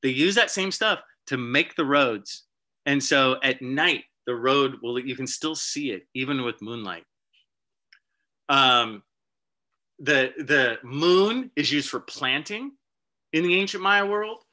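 A man giving a casual storytelling slide talk to an astronomy club, chatty and animated, with many fillers and restarts. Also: medium pitch, slow. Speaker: guest presenter at an astronomy club meeting.

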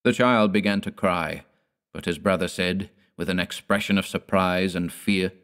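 Man, very deep voice, measured horror narration, deliberate pacing. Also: steady tone, a bit bright, smooth. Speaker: audiobook narrator. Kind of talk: scripted narration of a gothic horror tale.

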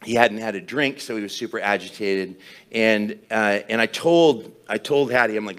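A pastor preaching a sermon with humorous, self-deprecating storytelling. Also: male voice, lowish voice, steady tone, normal speed, fairly bright tone.

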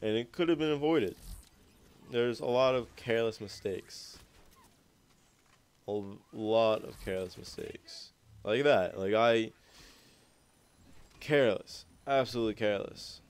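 Young male gameplay commentator, lower voice, smooth and clear, rambling and profane. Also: measured pace, pauses often. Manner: rambling, swears a lot, self-mocking.

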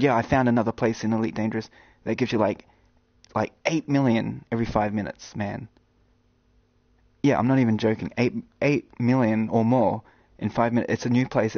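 A man streaming games and chatting casually with viewers, rambling and joking with sudden loud outbursts. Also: on the low side, no room sound, lo-fi sound. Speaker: gaming streamer. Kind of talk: casual live-stream chat.

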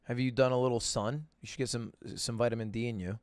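A man's voice: medium pitch, steady tone, fast, no room sound. A man chatting casually with the streamer, teasing him in a dry way. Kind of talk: casual chat.

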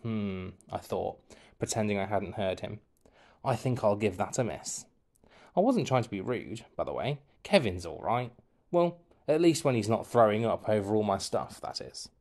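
A man, a teacher, reading a children's novel aloud in an expressive, playful storytelling manner. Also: fairly low pitch, normal speed, creaky. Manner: expressive, playful, shifts voice for quotes. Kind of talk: storybook narration.

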